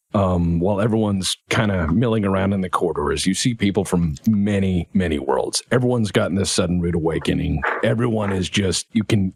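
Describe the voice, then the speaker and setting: A man narrating as game master of a tabletop role-playing game, descriptive and lively, with laughing asides. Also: low-pitched, husky, dry recording.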